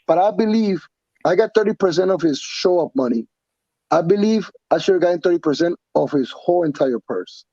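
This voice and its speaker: A man, a professional fighter being interviewed, talking casually in an animated, profane way with many restarts and repeats. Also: high-pitched, brisk, dry recording, dull audio. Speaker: pro fighter guest.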